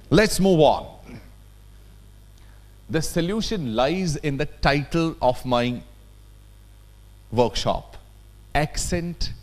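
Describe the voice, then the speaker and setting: A man with an Indian English accent leading a workshop, talking emphatically and often checking in with his audience. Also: a little high. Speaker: workshop trainer. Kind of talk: lecture workshop. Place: conference hall.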